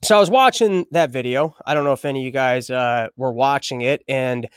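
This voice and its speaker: A man's voice: mid-range voice, a little fast, clean tone, dry recording, studio quality. A man hosting a podcast, riffing on the news in a crude, irreverent, rambling way. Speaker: podcast host. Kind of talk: comedic news commentary.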